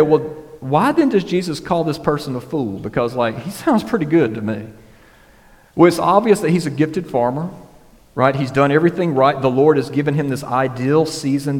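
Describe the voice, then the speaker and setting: Here a slightly high-voiced male pastor gives a casual sermon, and a long reverb tail follows his words. He talks conversationally, regularly checking in with listeners through "right?" and "y'all."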